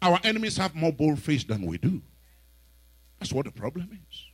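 A man preaching a sermon who retells scenes dramatically and rises to shouts. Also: on the high side, big pitch swings, moderate pace, breathy edge, dry recording. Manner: dramatic storytelling, acting out characters, shouting peaks.

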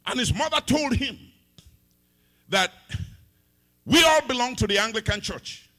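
A middle-aged man from Africa preaching a sermon as pastor, swinging between loud sung-out phrases and hushed, low asides. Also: expressive, measured pace.

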